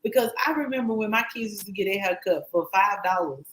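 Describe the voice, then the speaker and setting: A woman co-hosting a podcast round table in casual chat, animated and quick to laugh. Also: medium pitch, low-quality recording. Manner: animated, laughs often, talks in long runs. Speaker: podcast co-host.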